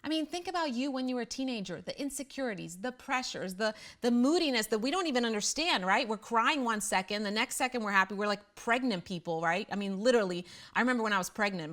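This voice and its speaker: A middle-aged woman hosting a parenting show, talking casually and bluntly straight to the camera, quick to poke fun at herself. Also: mid-range voice, a bit bright. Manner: blunt, self-deprecating, chatty. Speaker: parenting host.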